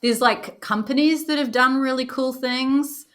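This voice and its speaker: A woman's voice: high voice, unhurried. A woman, a guest in a casual interview, chatty, laughing easily and talking with many fillers. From New Zealand. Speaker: guest, developer experience lead.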